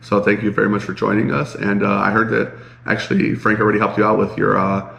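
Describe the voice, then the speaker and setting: Male podcast co-host, congested and nasal, low gravelly voice, rambling chat in an echoey room. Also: fairly even intonation, quick pace, a bit bright. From Chicago area. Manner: rambling, many fillers. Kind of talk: casual chat.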